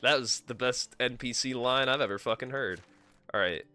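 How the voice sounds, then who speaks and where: A man's voice: mid-range voice, normal speed, bright, forceful tone, clear, resonant tone. A man live-streaming a game, chatting casually with himself and swearing freely as he plays. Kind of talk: casual gameplay commentary.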